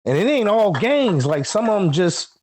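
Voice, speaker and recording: A man from Chicago co-hosting a podcast, telling profane, animated stories in casual chat. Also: sits high, moderate pace, slight background noise. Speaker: podcast co-host.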